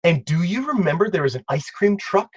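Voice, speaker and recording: A man co-hosting a casual video commentary, talking in a rambling, excitable way with many restarts. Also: high voice, brisk, breathy edge, no room sound. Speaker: co-host and video editor.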